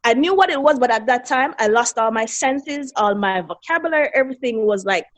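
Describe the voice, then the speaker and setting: A woman's voice: on the high side, lively intonation, fairly quick. A middle-aged woman, a guest on an interview show, tells in earnest the story of losing her young son, reliving each moment. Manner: earnest, reliving events, voices quoted people. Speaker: guest, bereaved mother. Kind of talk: emotional personal storytelling.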